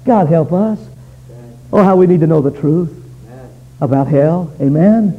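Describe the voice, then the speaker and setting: A man preaching a fiery revival sermon, swinging between loud pleading and low, intense warnings. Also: measured pace, phone-quality sound.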